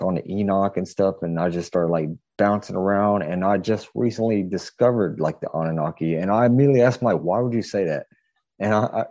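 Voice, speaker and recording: Man, podcast guest, low and mellow, rambling anecdote, dry dull sound. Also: no room sound. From southeastern United States. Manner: rambling, hesitant, many fillers and restarts. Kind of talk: casual storytelling.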